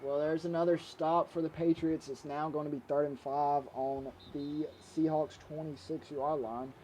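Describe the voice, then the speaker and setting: A man's voice: fairly high pitch, flat delivery, moderate pace, warm tone, slight background noise. A young man doing mock play-by-play commentary, eager and pushy in debate. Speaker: co-host.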